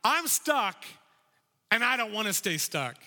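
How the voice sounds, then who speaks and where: A man voicing a blind male beggar who shouts for help, pleading and insistent, in a reverberant hall. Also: high voice, sing-song, measured pace, pitched above the performer's own voice, heavily acted. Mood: desperate.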